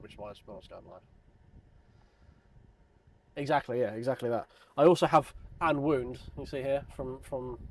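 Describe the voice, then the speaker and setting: Man in his thirties, sim racing streamer, loose self-deprecating chatter, mid-pitched voice. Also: darkish tone, a little hiss or hum. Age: 30s. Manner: rambling, self-deprecating, joking. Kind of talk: casual live stream chat.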